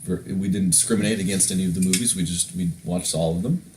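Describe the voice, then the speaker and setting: A man's voice: sits low, fairly even intonation, fast, far from the mic, background noise. A man co-hosting a podcast, rambling casually with many restarts. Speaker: podcast co-host. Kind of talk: casual chat. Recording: echoey room.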